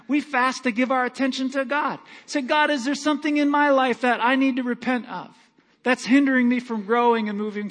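Animated high-voiced male preacher. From Michigan. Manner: folksy, animated preaching that swings from quiet asides to loud climaxes. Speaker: pastor. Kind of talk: sermon. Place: church sanctuary.

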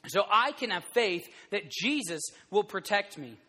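A man in his thirties preaching a sermon to a group, telling the story in an animated way with many restarts. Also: high voice, unhurried, in a large hall. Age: 30s.

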